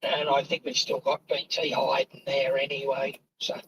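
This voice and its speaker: A man, co-host on a driving stream, talking casually and relaxed, with radio talk. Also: mid-range voice, normal speed, vocal fry, recorded from a distance, muffled recording, noisy background. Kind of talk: casual chat while driving live stream. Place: inside a car. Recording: voice heard away from the mic.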